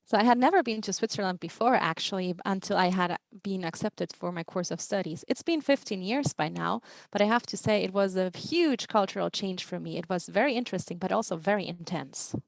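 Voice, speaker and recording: A woman from Argentina interprets an author's answers into English over a video call. Her voice has a gravelly, creaky edge and a very dry, close sound, and her delivery stays measured and composed. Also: mid-range voice, lively intonation, no echo, rough recording. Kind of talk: consecutive interpreting.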